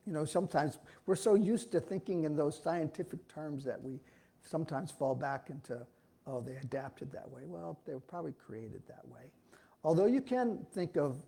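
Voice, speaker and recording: A man with a fairly high pitch and dark tone delivers a casual, homespun sermon at church, rambling and often starting his sentences over.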